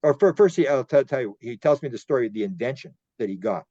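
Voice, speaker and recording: Canadian guy telling stories on a podcast, stumbles and repeats himself, mellow voice, bit muffled. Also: mid-range voice, expressive, fast, no echo. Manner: rambling, repeats words, acts out quoted dialogue. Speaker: podcast guest, UFO researcher. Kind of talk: storytelling interview.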